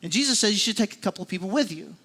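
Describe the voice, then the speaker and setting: A man's voice: sits high, expressive, very fast, sharp tone. A man preaching a sermon as a pastor, talking in a conversational, self-deprecating way with many restarts and repeated phrases.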